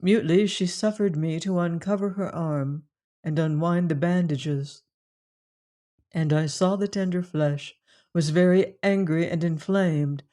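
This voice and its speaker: An audiobook narrator reading a classic adventure novel in first person, measured and steady. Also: medium pitch.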